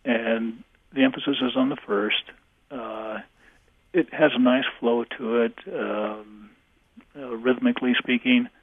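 A man who is an English professor, answering questions on a radio call-in show, halting with many fillers. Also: mid-range voice, steady tone, husky, no room sound. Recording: tinny phone line.

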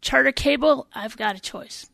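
A woman state senator from Wisconsin, answering radio interview questions in an earnest, deliberate, explanatory way. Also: high-pitched, vocal fry, fairly bright tone, no echo.

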